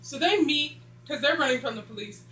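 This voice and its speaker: A woman's voice: high-pitched, animated, a little fast, a bit bright. A woman casually recapping a TV series, rambling and filling gaps with "blah blah.". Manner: rambling, says "blah blah" a lot. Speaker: show reviewer. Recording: echoey room with faint hum.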